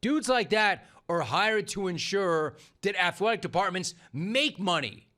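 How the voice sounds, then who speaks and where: A sports talk host delivers a sarcastic monologue in a bright, forceful voice. His pitch swings widely as he hammers home rhetorical questions. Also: animated, measured pace, hardly any pauses.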